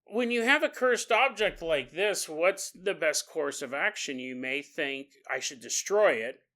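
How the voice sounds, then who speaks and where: A man's voice: on the high side, lively intonation, measured pace, bright, forceful tone. A man hosting a podcast, telling a story in a jokey, casual way, acting out quoted voices and laughing often. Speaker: podcast host.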